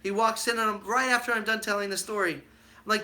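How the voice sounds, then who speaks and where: A man's voice: sits high, steady tone, fast, pushed and bright. A man hosting his own live stream, chatting casually and telling stories with plenty of fillers and acted-out quotes.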